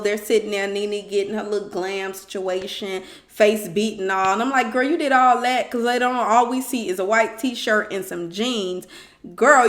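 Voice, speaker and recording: A woman recapping a reality TV episode in a chatty, expressive way, often tossing in "okay?" asides. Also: medium pitch, reverberant. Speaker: TV show reviewer.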